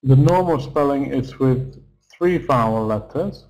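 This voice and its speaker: A man's voice: medium pitch, expressive, measured pace, darkish tone, slight background noise, rough recording. A middle-aged man teaching English pronunciation in an online lesson, patiently stretching words out to model their sounds.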